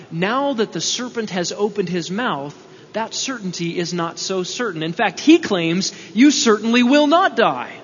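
A man's voice: high voice, a little hiss or hum. A male preacher giving a sermon, emphatic, repeating key lines and asking rhetorical questions. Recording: dull sound with long hall reverb.

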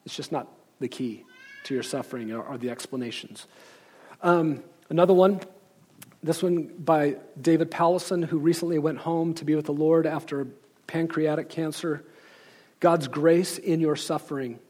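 A man, apparently a pastor, informally recommending books and pausing often as he reflects. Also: a little high, steady tone, a little mellow. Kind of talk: informal book recommendations with read-aloud quotes.

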